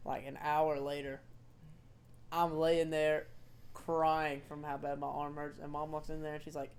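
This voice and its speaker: A young man chatting casually as a podcast co-host, telling a story with lively acted-out yelps. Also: on the high side, normal speed, smooth. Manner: animated storytelling, acts out own yelps. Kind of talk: casual chat.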